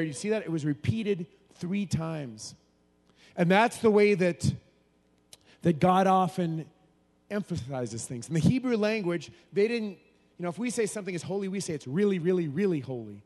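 A man preaching a sermon, moving between hushed, low passages and loud, animated bursts. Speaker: pastor. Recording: long hall reverb.

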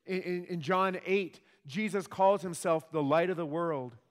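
A man's voice: sits high, a little slow. A man preaching a sermon with emphatic delivery and rhetorical questions. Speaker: pastor. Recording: long hall reverb.

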